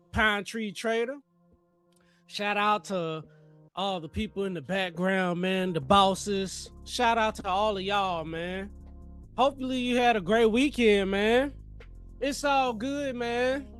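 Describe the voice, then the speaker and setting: High, lively hype-man livestream host. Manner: energetic, slangy, hypes the chat.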